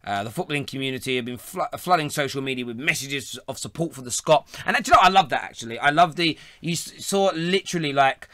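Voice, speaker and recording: Forceful, laughing host in his thirties. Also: medium pitch, expressive, quick pace, few pauses, no echo, studio quality. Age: 30s. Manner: laughing, chatty, fillers. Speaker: phone-in host. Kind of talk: casual live show chat.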